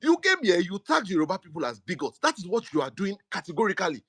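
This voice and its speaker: A man's voice: high-pitched, sing-song, fast talker, sharp tone, no echo. A Nigerian man argues hard in an online audio debate, his voice swooping up and down as he accuses and scolds. The sound is close and dry from a phone mic, with no room around it. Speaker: debate participant. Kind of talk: heated argument.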